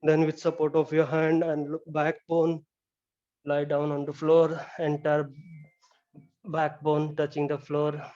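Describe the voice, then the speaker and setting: A man leading a guided yoga relaxation, talking slowly and calmly with many "you know"s. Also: on the high side, dull audio. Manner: slow, calm step-by-step guidance with frequent "you know". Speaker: yoga instructor. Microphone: camera mic.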